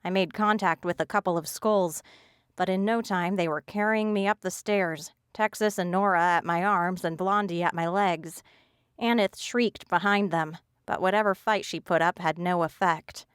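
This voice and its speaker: A woman reads a fantasy novel aloud in a measured, even way. Her voice is smooth and clear, recorded dry and close with no room around it. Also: on the low side, no echo. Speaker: audiobook narrator. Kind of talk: scripted narration.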